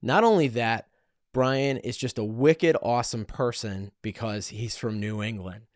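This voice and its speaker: A man's voice: medium pitch, unhurried, no room sound, studio quality. A man hosting an interview show, upbeat and enthusiastic as he introduces and greets his guest. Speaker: host. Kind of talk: podcast host introduction and chat.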